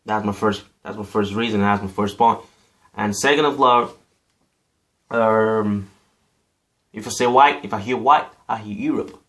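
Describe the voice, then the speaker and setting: A man's voice: on the low side, measured pace, long pauses, fairly bright tone. A man from Africa giving a casual, emphatic opinion monologue, repeating himself and saying "you know" often. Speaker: vlogger.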